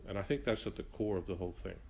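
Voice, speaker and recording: An older man from Northern Ireland with a blended Northern Irish and Rhodesian accent, answering interview questions in a reflective, halting way with frequent restarts. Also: low-pitched, gravelly, darkish tone. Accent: mixed Northern Irish and Rhodesian. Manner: halting, many restarts and fillers.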